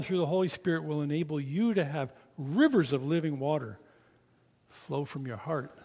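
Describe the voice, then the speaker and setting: A man preaching a sermon, telling the story slowly and dramatically in a reverberant church hall. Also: on the high side, darkish tone. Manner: dramatic storytelling, slow and emphatic.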